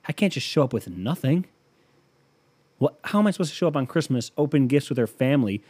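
A man's voice: medium pitch, lively intonation, a little fast, darkish tone, slightly rough, dry recording. A man hosting a podcast, delivering a profane, sarcastic comedic rant. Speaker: podcast host. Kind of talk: comedic monologue.

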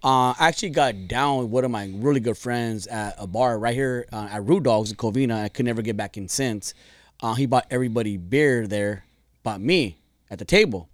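A man co-hosting a casual, profane podcast chat, telling stories in a relaxed, rambling way. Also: mid-range voice, a little fast, dry recording. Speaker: podcast co-host.

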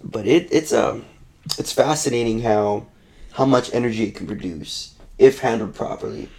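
A man in a casual podcast chat, telling rambling stories with halting restarts and casual swearing. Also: medium pitch, vocal fry, a little mellow.

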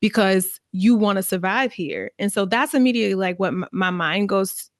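A woman hosting a podcast, thinking aloud in a reflective, halting way with many fillers. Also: medium pitch, no room sound, studio quality. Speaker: podcast host. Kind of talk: casual podcast conversation.

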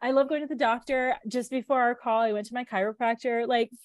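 Chatty higher-voiced woman host, dry sound. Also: fairly even intonation, brisk, dry recording. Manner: chatty, laughs easily, lots of fillers. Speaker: podcast host. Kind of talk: casual chat.

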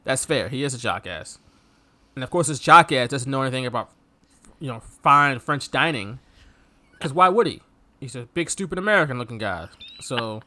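A man's voice: medium pitch, pushed and bright. A man co-hosting a podcast, riffing sarcastically on a movie and laughing often. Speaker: podcast co-host. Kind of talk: casual movie review chat.

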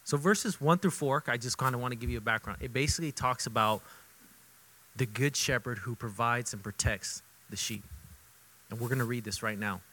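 A man preaching a sermon as pastor, conversational and repetitive for emphasis, moving between loud emphatic bursts and quiet intimate asides. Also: medium pitch, brisk, low-quality recording. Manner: conversational, repeats himself for emphasis.

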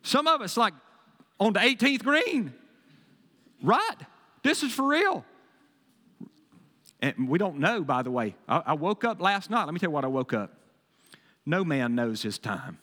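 A man preaching from the pulpit, his voice high and bright with a sharp edge. He swings from ringing, emphatic bursts down to quieter, folksy asides. The sanctuary's long reverb trails after every line. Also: very animated, a little slow, pauses often. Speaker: pastor. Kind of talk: sermon. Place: church sanctuary.

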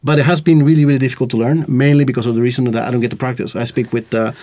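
A man's voice: mid-range voice, flat delivery, racing, warm tone. A man co-hosting a podcast in casual, joking chat, sometimes swearing. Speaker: podcast co-host. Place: recording studio.

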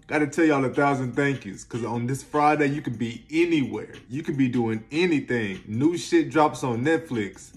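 A self-help host with a fairly high-pitched voice gives a casual motivational talk to camera. Full of slang and emphasis, he bursts with energy, alternates loud and soft delivery, and now and then sounds close to tears.

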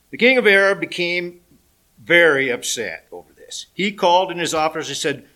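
A man preaching a sermon, reading scripture aloud and telling the story with animated, dramatic voice changes. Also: fairly high pitch, normal speed. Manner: animated storytelling, raising and dropping his voice for effect. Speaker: pastor.

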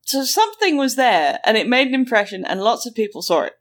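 A woman hosting a chat podcast, telling a story in an animated, sarcastic way and acting out quotes. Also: on the high side, a little fast.

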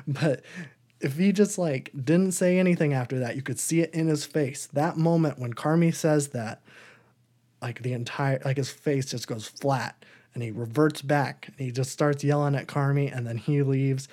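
A man talking casually on a podcast, his voice mellow and soft-edged. He rambles on with enthusiasm, stringing thoughts together in long, loose runs while his pitch sits right in the middle. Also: normal speed. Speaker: podcast co-host. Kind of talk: casual chat reviewing TV shows.

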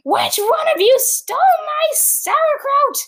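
A woman's voice: high-pitched, sing-song, brisk, fairly bright tone, pitched above the performer's own voice. A woman reading out the lines of a sassy, silly male villain from a handwritten story. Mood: indignant. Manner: read aloud from a written story.

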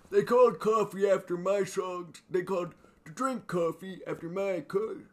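A scatterbrained old man hosting a podcast, performed by a man. His voice sits high and keeps wandering from one silly tangent to the next, forgetting what he just said. It is loose, improvised sketch comedy. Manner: goofy, rambling, easily sidetracked. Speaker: podcast co-host.

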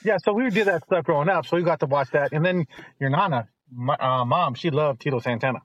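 A middle-aged man, the host's father, telling long rambling stories in casual chat and turning animated when he quotes others. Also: on the high side, fairly quick, lo-fi sound, slight background noise.

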